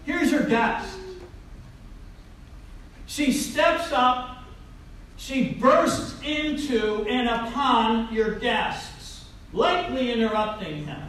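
A man preaching a sermon as pastor, emphatic and swinging between loud declarations and quiet asides. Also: very high-pitched, a little hiss or hum. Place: church sanctuary. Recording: very echoey, distant mic.

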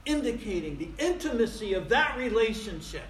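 A man preaching a sermon, swinging between loud, stressed points and quiet asides. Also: sits high, very animated, normal speed, slight background noise. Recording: echoey room.

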